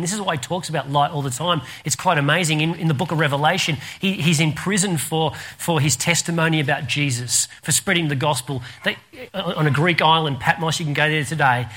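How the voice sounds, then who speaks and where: Bright-voiced Australian pastor preaching. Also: male voice, on the high side. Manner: animated storyteller, laughs through anecdotes. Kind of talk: sermon with storytelling.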